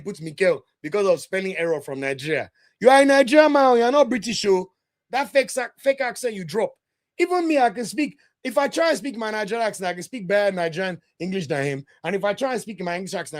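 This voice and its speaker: A football podcast host in full rant mode, his voice sitting noticeably high for a man. He talks straight to his live chat with blunt, heated conviction and a preacher-like rhythm. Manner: passionate, blunt, addresses chat directly; sermon-like delivery. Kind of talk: live watch-along commentary and rant.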